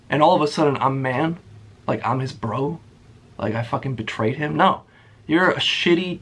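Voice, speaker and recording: A young man with a somewhat high, fairly bright, breathy voice tells his channel a story about an old job. This YouTuber's storytime rant is blunt, sarcastic, and full of swearing.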